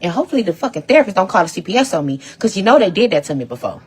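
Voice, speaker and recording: A woman's voice: medium pitch, very animated, racing, breathy edge. Rambling, emotional woman addressing her followers. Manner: rambling, pleading, profane, emotional. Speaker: social media content creator. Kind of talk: emotional direct-to-camera rant.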